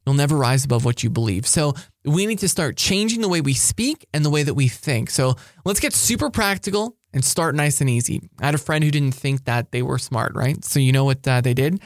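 A man preaching a motivational talk to high school students, energetic and emphatic, repeating his key phrases. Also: normal speed, few pauses, no room sound, studio quality. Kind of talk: sermon-style motivational talk.

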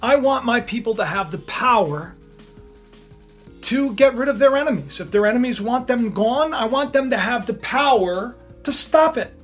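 A woman's voice: fairly high pitch, lively intonation, moderate pace, slightly rough, soft background music. Woman doing a determined young queen, insistent pleas, near her own voice. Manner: earnest, insistent requests. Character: young queen pleading boldly for her people.

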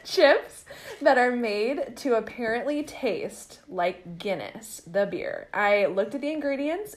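A woman hosting a casual podcast, chatty and bubbly, quick to laugh. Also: a little high. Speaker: podcast host. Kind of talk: casual chat.

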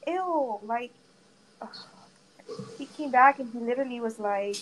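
A woman's voice: on the high side, a little fast. Gossiping young woman, lots of "like". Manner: animated gossiping, heavy "like" fillers, frequent swearing. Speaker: friend telling a story. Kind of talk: casual chat while gaming. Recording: faint background noise.

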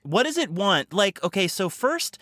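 Podcast co-host, casual film chat, animated pitch, rambling, dry close mic. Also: normal speed, no echo. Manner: lively, rambling, laughs often. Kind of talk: casual movie discussion.

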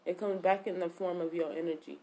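A woman's voice: fairly low pitch, steady tone, fairly quick, mellow. Woman telling a slangy story. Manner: slangy, profane, lots of 'like' and quoted speech. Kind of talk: casual storytelling.

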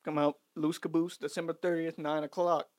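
This is a young man from Louisiana co-hosting a casual podcast. He talks in a loose, joking way, with a voice that sits a little high. The sound is dry and close to the mic. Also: level tone, a little fast, darkish tone, no room sound. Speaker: podcast co-host. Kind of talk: casual chat.

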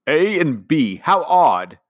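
A man voicing a polite, mournful, well-to-do widower in a storybook read-aloud, with formal, gentle speech. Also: fairly high pitch, very animated, slow pace, pitched above the performer's own voice, exaggerated voice.

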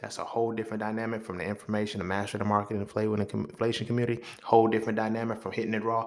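A man's voice: steady tone, racing, hardly any pauses. Fired-up man ranting on his podcast. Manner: heated, profane, rising to near-shouts then dropping low. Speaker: podcast host. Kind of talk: impassioned solo monologue.

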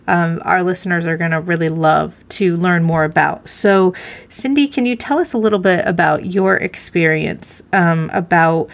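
A woman hosting a podcast, asking her guest questions in a measured way with a few ums. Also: lowish voice, gravelly. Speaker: podcast host. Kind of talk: casual interview.

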